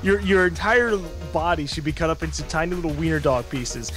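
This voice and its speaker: High-voiced young man griping at a game. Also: fairly quick, over music. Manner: laughing, swearing, complaining about the controls. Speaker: guest gamer. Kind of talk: casual gameplay commentary.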